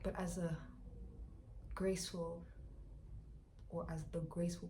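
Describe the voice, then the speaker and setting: A young woman from Rwanda, telling a personal story to her viewers in an animated, chatty way. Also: on the low side, a little slow, long pauses, a little hiss or hum. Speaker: vlogger.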